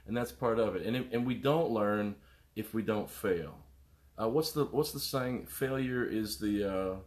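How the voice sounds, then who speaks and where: A middle-aged man, a musician, rambling casually to viewers on his live stream, greeting them by name and jumping between topics. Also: mid-range voice. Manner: animated, jumps between topics.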